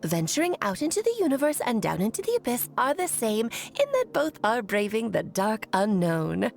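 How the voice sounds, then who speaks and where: Sly, theatrical mage woman for a game, high and bouncy. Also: big pitch swings, moderate pace, gravelly, a little mellow, soft background music. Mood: teasing. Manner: teasing, theatrical.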